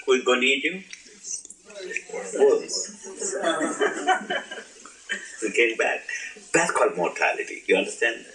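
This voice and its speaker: A man's voice: mid-range voice, a bit bright. A man giving an informal spiritual talk, playful and laughing, asking his audience questions. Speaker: spiritual teacher. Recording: echoey room, old archive recording.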